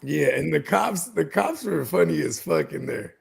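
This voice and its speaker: A man co-hosting a podcast in casual chat, animated, swearing and acting out movie scenes. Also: a little high, moderate pace, gravelly, breathy edge. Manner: animated, acts out movie lines, swears a lot. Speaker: podcast co-host.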